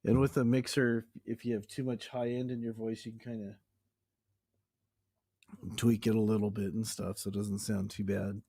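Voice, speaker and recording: A man's voice: lowish voice, flat delivery, moderate pace, creaky, dark tone, breathy edge. A man casually showing off his home recording gear in a rambling, easygoing way. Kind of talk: casual show-and-tell chat. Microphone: webcam.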